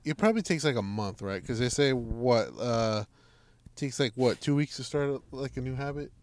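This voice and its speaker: Man, crude casual chat, deadpan, profane, mid-pitched voice. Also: moderate pace, no echo.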